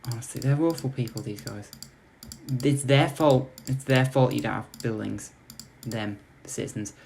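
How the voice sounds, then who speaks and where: A man's voice: medium pitch, moderate pace, vocal fry, darkish tone. A young man giving gameplay commentary as host, sarcastically ranting at his in-game citizens like a petty tyrant. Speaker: let's play host.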